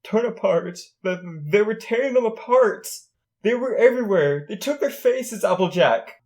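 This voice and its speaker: A man's voice: high voice, big pitch swings, normal speed, a little mellow, voice pushed up. A man voicing a terrified little filly pony, sobbing and stammering.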